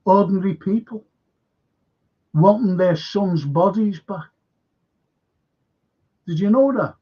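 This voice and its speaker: Scouse guy on a live stream, kinda high voice, husky, dull lo-fi audio. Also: slow. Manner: emphatic, repeats himself, quizzes his viewers. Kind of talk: rambling live-stream commentary.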